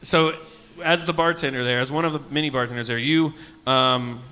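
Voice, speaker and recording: A man hosting a live podcast in a bar, upbeat and quick to laugh. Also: mid-range voice, steady tone, bright, forceful tone, smooth. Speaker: podcast host. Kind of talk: casual interview chat.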